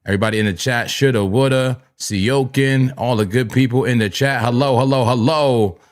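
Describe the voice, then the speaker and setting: A man's voice: medium pitch, moderate pace. Hyped Jersey man hosting a livestream. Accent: New Jersey. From New Jersey. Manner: hyped, repetitive shout-outs, laughs often. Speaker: crypto trading livestream host. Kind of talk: live-stream chat and market talk.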